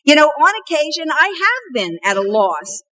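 A middle-aged woman pastor preaching a sermon, retelling a story and slowing down for emphatic, repeated refrains. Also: sits high, very animated, sharp tone, poor audio.

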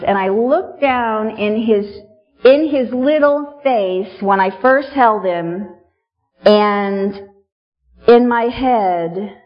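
Woman preaching in a chatty, earnest way. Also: a little high. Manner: conversational, earnest, full of "you know" and "I mean" asides. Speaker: pastor. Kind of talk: sermon. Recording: slightly dull, lo-fi sound.

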